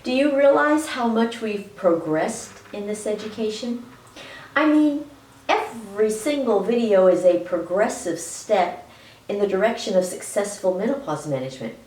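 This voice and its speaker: A woman's voice: mid-range voice, lively intonation, moderate pace, a little mellow, reverberant, distant mic, poor audio. A woman presenting an educational video lecture in a chatty way, laughing between points and stretching words for emphasis. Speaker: health educator.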